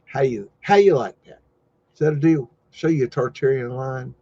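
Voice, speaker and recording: A man hosts a live stream, talking in a loose, rambling way and tossing out jokes and loud exclamations. His voice sits at a medium pitch. The recording sounds a little dull and lo-fi. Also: moderate pace, breathy edge. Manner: rambling, joking, easygoing asides and loud exclamations. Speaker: host. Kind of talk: casual live-stream commentary over old photos.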